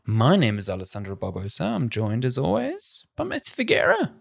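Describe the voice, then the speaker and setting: A man's voice: medium pitch, wildly swooping pitch, a little fast, gravelly. A man co-hosting a podcast, chatting casually and poking fun at his own habits. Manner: chatty, self-mocking, restarts often. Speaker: podcast co-host. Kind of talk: casual chat.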